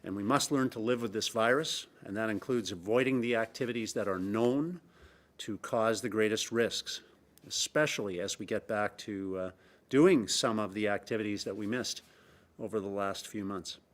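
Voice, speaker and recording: A middle-aged man delivers an official briefing in a measured, earnest way. His voice sits fairly low, and he pauses on filler sounds while stressing key words. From Canada. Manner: measured, earnest, with frequent uh fillers and repeated emphasis. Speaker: provincial premier giving a briefing. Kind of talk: formal press briefing statement.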